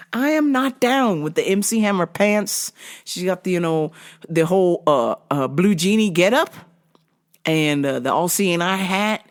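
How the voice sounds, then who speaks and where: A woman host spinning a comic story, swearing freely and laughing at her own material. Her pitch jumps and dips expressively throughout. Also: unhurried. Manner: profane, animated, comic. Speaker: podcast host. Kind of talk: casual storytelling monologue.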